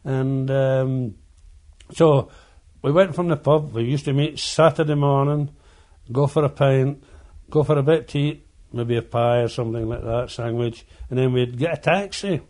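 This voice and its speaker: An older man, a former coal miner, reminiscing in an oral history interview, halting and often repeating words as he tells his stories. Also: medium pitch, steady tone, darkish tone.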